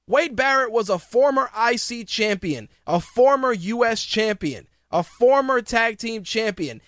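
A man's voice: sits high, fairly bright tone, no echo, studio quality. A man hosting a podcast, ranting profanely and sarcastically in opinionated wrestling talk. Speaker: podcast host.

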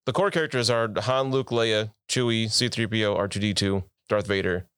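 A man's voice: fairly low pitch, fairly even intonation, normal speed, a bit bright, clean tone, no room sound, studio quality. A man co-hosting a podcast, arguing points playfully in casual chat. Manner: playfully argumentative. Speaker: podcast co-host.

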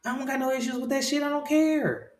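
This quick-paced podcast host, a man in his thirties, sounds reverberant as he runs his relaxed talk show. He swears freely, keeps restarting and repeating phrases, and alternates between low murmuring and loud, excited bursts.

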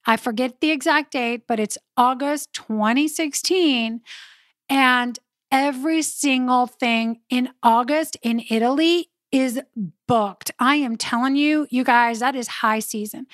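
A woman hosting a podcast, telling a personal story in a lively, casual way, laughing often and talking straight to her listeners. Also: fairly high pitch, no echo, studio quality. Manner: animated, laughs often, addresses listeners directly. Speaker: podcast host.

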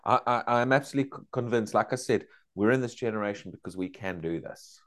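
A man teaching a Bible study, questioning his class and acting out excited believers. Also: on the low side, fast talker.

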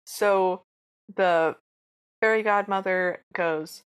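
A woman's voice: fairly low pitch, unhurried, clear, resonant tone. A woman co-hosting a podcast, chatting casually and acting out cartoon scenes with playful voices. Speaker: podcast co-host. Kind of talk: casual chat recapping a cartoon.

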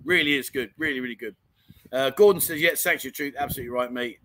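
A man's voice: mid-range voice, fast talker, pushed and bright, a little hiss or hum, low-quality recording. A man hosting a casual livestream chat show, reading out viewer comments and rambling with easy laughter. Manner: chatty, rambling, laughs easily.

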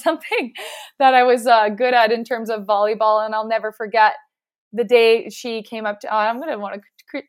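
A woman, a physical therapist, talking at length as an earnest, reflective guest in a casual interview. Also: a little high.

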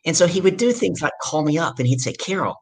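A loud middle-aged woman from the Deep South, a business coach telling motivational stories as a podcast guest. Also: fast, breathy edge. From Deep South, USA. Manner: animated, anecdotal, motivational. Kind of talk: podcast interview storytelling.

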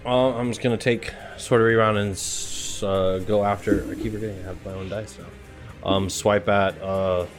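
A man playing a tabletop game, speaking with lots of hesitation and fillers and laughing often. His voice sits on the lower side. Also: fairly even intonation, normal speed, soft background music. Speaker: player.

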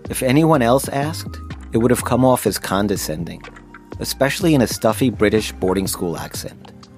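A man's voice: on the low side, expressive, moderate pace, darkish tone, soft background music. A man narrating his own memoir in the first person, wry and self-deprecating.

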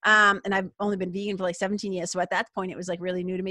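A woman's voice: medium pitch, little pitch movement, racing, few pauses, sharp tone, dry recording. A middle-aged woman hosting a casual spiritual talk show, chatty and upbeat. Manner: chatty and upbeat, peppered with "like" and laughs. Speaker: podcast host.

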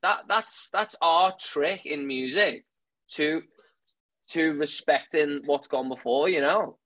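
Higher-voiced interviewer, rambling. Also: male voice, takes it slowly, fairly bright tone, rough recording. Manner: rambling, loose, filler-heavy. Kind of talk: casual chat.

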